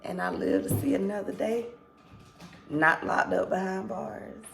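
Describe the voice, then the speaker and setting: A woman's voice: mid-range voice, unhurried, vocal fry, a little hiss or hum. A woman vlogger telling a casual storytime to her viewers, candid and rambling, swearing freely and apologizing as she loses her thread.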